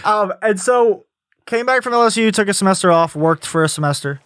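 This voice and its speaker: A man's voice: high-pitched, animated, a little fast, a bit bright, clean tone, dry recording. A young man in his twenties telling a story about dropping out of school in a casual podcast chat, swearing freely.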